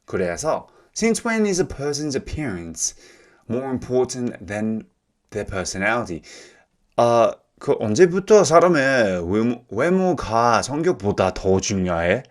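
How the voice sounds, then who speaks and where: A man with an Australian accent leads a bilingual English lesson, keeping his words slow and clear. His voice sits on the low side but moves up and down with lively intonation. He often stops to repeat things in Korean translation. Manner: explains slowly and clearly, switching into Korean. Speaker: English teacher.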